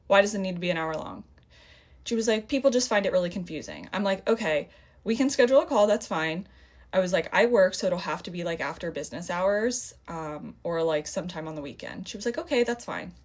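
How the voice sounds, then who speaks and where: A young woman telling a story in a casual vlog, heated and indignant, acting out a back-and-forth conversation. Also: fairly low pitch. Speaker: vlogger.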